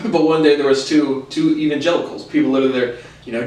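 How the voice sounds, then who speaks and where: A man's voice: mid-range voice, fairly even intonation, quick pace, darkish tone. Man, casual rambling talk, lots of fillers, chuckling, far from mic, very echoey room. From United States. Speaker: lecture series host.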